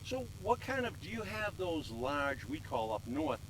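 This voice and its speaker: A man's voice: fairly high pitch, big pitch swings, a little slow, background noise. Jokey older man hosting outdoors. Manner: jokey, playful, self-mocking. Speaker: garden show host. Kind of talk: casual outdoor show hosting. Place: outdoors on a farm.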